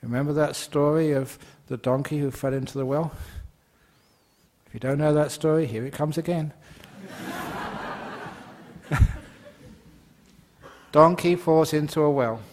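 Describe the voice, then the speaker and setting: A man's voice: on the high side, steady tone, measured pace, pauses often, darkish tone. A man, a Buddhist monk, giving a dharma talk and telling stories playfully while laughing at his own jokes.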